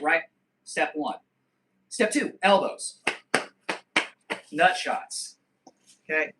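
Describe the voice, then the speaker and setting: A man's voice: a little high, animated, heavy background noise. A man in his thirties hosting a casual live stream, reading viewer comments aloud and joking loosely with frequent swearing. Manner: loose, joking and profane, with quick asides. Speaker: livestream host.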